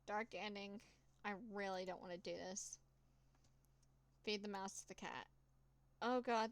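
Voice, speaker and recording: A woman reading a horror text game aloud, voicing the cat's meows and the mouse's squeaks herself, with nervous asides between choices. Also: fairly bright tone, smooth. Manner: reads with dramatic pauses and nervous asides. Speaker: gameplay narrator.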